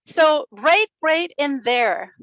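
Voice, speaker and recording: A woman in her forties giving a motivational talk at a summit, telling her story with warmth, laughter and acted-out quotes. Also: sits high, expressive, slow, no echo, rough recording. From Chile. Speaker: speaker at a summit, radio and podcast host. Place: stage at a summit.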